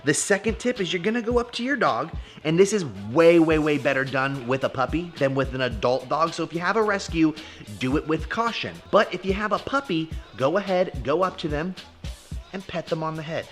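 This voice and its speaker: A man's voice: a little high, brisk, faint music behind. A young man hosting a casual dog-training vlog from home. He is playful and jokey and calls viewers bro. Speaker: dog trainer and video host. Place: home with his dogs.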